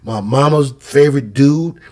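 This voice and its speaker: A man's voice: medium pitch, unhurried, warm tone. A man talking casually as a podcast guest, telling stories with many restarts and asides. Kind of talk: casual conversation.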